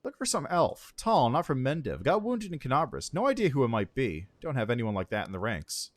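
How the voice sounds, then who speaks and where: A man's voice: mid-range voice, big pitch swings, a little fast. A man voicing a defiant, guarded female elf spy from a fantasy game, curt and weary.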